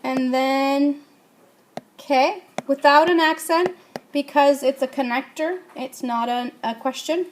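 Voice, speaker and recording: Woman teacher, slow and deliberate, quizzes the class and answers herself. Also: high voice, slight background noise. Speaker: Spanish teacher. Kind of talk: classroom grammar lesson.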